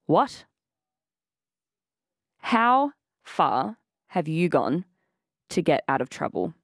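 A woman with an Australian accent hosting a breakfast radio show in a studio, chatty and playful with lively laughs. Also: low-pitched, very slow, no room sound. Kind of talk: casual radio chat. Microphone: studio microphone.

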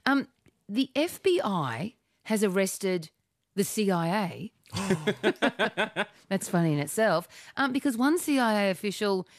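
A woman hosting a radio segment, with dry quips and brisk delivery. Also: mid-range voice, big pitch swings, no echo. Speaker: radio host. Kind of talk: casual chat and segment hosting.

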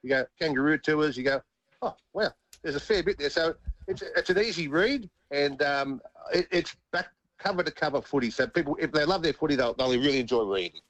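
A man in his sixties with an Australian accent, telling footy stories in an interview, animated and laughing, stumbling over repeated words. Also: a little high, brisk, no echo, highs cut off. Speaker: author and former rugby league player. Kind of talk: casual interview storytelling.

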